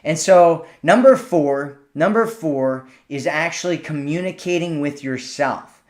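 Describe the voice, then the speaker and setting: A man giving dating advice in a relaxed instructional talk, often checking in with "right?" as he explains. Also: fairly high pitch, a little slow. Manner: casual, keeps checking in with "right?". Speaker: dating coach.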